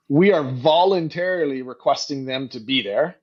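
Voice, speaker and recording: A middle-aged man telling stories in a casual podcast interview, animated and quick to act out what others said. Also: on the high side, slightly rough, lo-fi sound. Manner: animated storyteller, acts out quoted voices, frequent "like". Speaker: guest, company co-founder and CEO.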